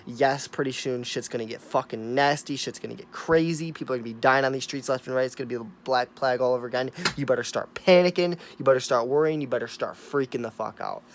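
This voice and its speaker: A man vlogging a ranting monologue, cursing constantly and hammering his points through repetition, swinging between low mutters and loud bursts. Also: fast talker, hardly any pauses, slight background noise. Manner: profane, emphatic, repetitive, swinging from mumbling to loud.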